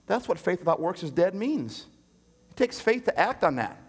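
A man preaching a sermon, telling a personal story, animated and shifting between hushed quoted voices and raised pleading. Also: high voice, normal speed, slightly rough. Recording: long hall reverb.

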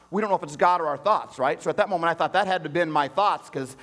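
A man preaching a sermon, telling a personal story, animated and shifting between hushed quoted voices and raised pleading. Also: fairly high pitch, fast, hardly any pauses. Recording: long hall reverb.

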